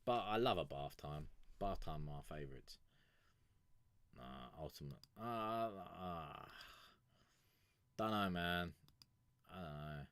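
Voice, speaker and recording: A man's voice: rumbling low, lively intonation, slow, pauses often, fairly bright tone, smooth, no room sound. A young man chatting casually on a live stream, rambling and swearing freely as he talks to viewers. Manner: rambling, swears freely, chuckles between thoughts. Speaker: music review streamer.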